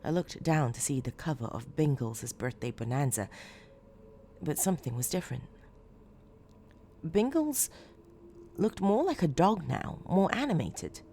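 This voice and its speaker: A woman reading a horror story as scripted narration, measured and low-key with dramatic emphasis. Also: big pitch swings, mellow, slight background noise.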